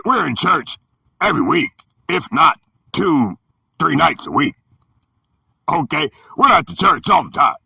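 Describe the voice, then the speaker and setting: A man in his fifties telling a story in an emphatic, preachy way, sometimes shouting, with a gravelly, raspy voice. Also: medium pitch, no echo. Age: 50s. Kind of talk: storytelling talk. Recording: dry and distant from the mic.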